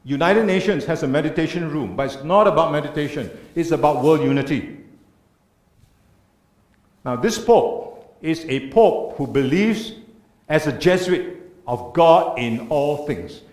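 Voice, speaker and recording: Man speaking in a church, fairly high, animated delivery, echoey room, earnest lecturing tone. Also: unhurried, pauses often. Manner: earnest, emphatic lecturing with rhetorical questions. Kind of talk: church talk. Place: church hall.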